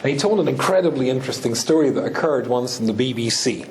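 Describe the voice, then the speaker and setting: A man's voice: medium pitch, expressive, fast, slight background noise. A man with a British accent, a rabbi giving a humorous talk to an audience, telling stories and joking with the listeners. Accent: British English. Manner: joking, storytelling, chats with the audience. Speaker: rabbi and speaker. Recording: echoey hall.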